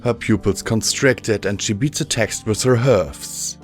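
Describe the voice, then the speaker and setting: A low-pitched man narrating a fan-fiction audiobook. He reads in measured, steady tones, with faint music underneath. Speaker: audiobook reader.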